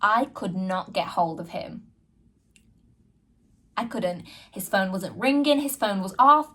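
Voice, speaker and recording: A woman's voice: medium pitch, lively intonation, slow pace, pauses often, sharp tone. A woman hosting a podcast, telling a personal story frankly and earnestly and addressing her listeners directly. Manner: frank and earnest, reenacting her own past dialogue. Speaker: podcast host.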